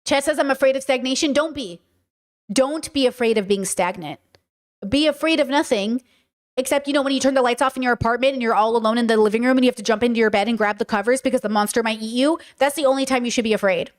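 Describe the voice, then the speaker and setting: A woman's voice: a little high, quick pace. A woman hosting a podcast, talking casually and frankly as she answers chat questions, checking in with listeners as she goes. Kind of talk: casual livestream talk.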